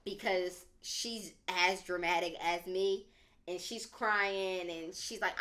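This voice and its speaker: On a podcast, a young woman recounts something that happened to her, full of slang, drama and constant "like"s. Her pitch is medium and her pace slow, and her manner is casual and animated.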